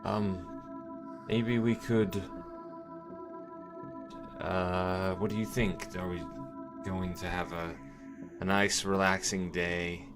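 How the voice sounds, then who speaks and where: A game master doing a freed man, deep and unhurried, who keeps stumbling over his thanks. He sounds humble and unsure of himself. Clear background music plays underneath. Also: level tone. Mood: grateful. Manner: halting, full of pauses and fillers. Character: grateful freed man, hesitant and indebted.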